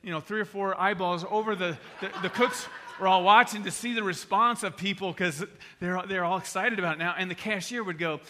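A man preaching a sermon in a bright, somewhat high voice with a forceful edge. He tells a story with lively energy, then drops to a hushed, earnest plea. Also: fairly quick, hardly any pauses. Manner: animated storyteller, shifts between loud excitement and hushed earnest appeal. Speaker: pastor.

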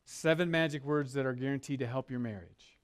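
An earnest male pastor preaches a sermon in a mid-range voice at a fairly quick clip. He leads his congregation in call-and-response, having them repeat words after him.

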